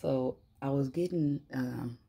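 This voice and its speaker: A woman's voice: rumbling low, slow, gravelly, dark tone, husky. A woman giving a casual spiritual tarot reading, chatty and laughing often as she talks to her viewers. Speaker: tarot reader.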